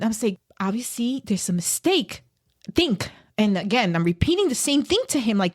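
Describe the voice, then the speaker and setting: A woman guest on a podcast shares a personal story with emotion, speaking a little fast in a fairly high voice. She's animated, performing the voices of the people she quotes.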